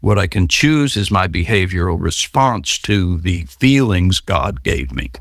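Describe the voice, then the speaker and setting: Low-voiced man telling recovery stories. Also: sing-song, a little slow, gravelly, no room sound, clean studio sound. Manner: storytelling, acts out quoted voices. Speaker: podcast guest. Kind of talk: candid recovery interview.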